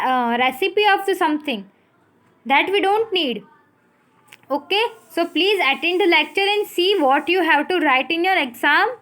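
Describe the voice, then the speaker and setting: A woman teacher with an Indian English accent, giving a recorded English lesson, explaining words slowly and spelling them out letter by letter. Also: extremely high pitch, sharp tone.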